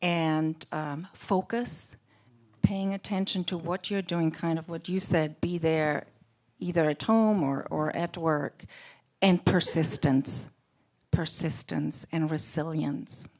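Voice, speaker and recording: Woman panelist, deep voice, slow, speaks in short phrases. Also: fairly even intonation, darkish tone. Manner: agreeing, listing traits in short phrases.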